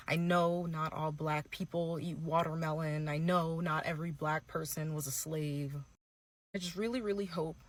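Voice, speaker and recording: A weepy young influencer, as a woman puts her on, stumbling over fillers and sinking to a soft, near-breathy hush. She sounds fake-emotional and a little low for her type, sometimes rushing ahead in sudden quick bursts. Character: tearful young white female influencer apologizing. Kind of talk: comedic impression.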